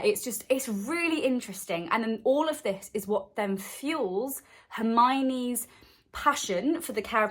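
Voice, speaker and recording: A woman's voice: medium pitch, fairly bright tone. A woman hosting a podcast, chatting enthusiastically and acting out quotes as she recaps a story. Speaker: podcast host. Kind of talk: casual recap chat.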